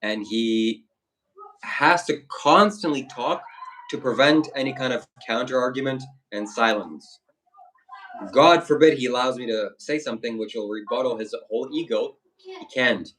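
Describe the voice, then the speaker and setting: A man hosting a livestream, answering calmly and cuttingly while dismissing his opponent. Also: mid-range voice, normal speed. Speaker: livestream host. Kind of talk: livestream debate. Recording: distant mic with faint noise.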